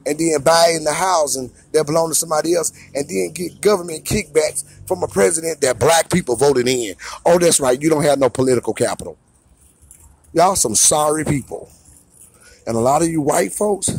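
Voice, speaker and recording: Husky, slightly high-pitched man from the US, ranting in a dry room, confrontational and repetitive. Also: a little mellow, no echo. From United States. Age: adult father of a young son. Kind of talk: ranting monologue to camera.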